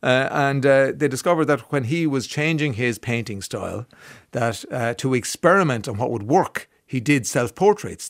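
An Irish man hosting a radio show in casual chat, enthusiastic and chatty, often pausing on "um" and restarting his sentences. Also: medium pitch, no room sound, studio quality. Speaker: radio host. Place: radio studio. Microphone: studio microphone.

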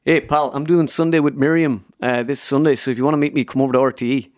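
A man putting on the voice of a brash male sports pundit, pushy and quick to brush things off. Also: mid-range voice, steady tone, no room sound, studio quality, natural voice. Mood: brisk, dismissive.

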